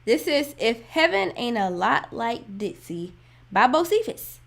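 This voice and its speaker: A woman's voice: on the high side, very animated, unhurried, vocal fry. A woman hosting a music reaction livestream, chatting casually, laughing often and thinking aloud as she reads viewer messages.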